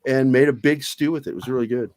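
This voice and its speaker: An older man from Virginia with no regional accent, a podcast guest telling profane, animated stories in casual chat. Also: mid-range voice, quick pace, no room sound. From Virginia, USA. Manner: profane, animated storytelling with put-on voices.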